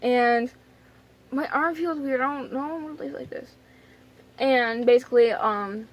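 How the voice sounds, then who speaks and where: A young woman with a high voice tells a story to the camera in a loose, rambling way. She trips over fillers and restarts, and her voice often drops to a soft, emotional near-whisper. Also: a little slow, pauses often, a little hiss or hum. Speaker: vlogger.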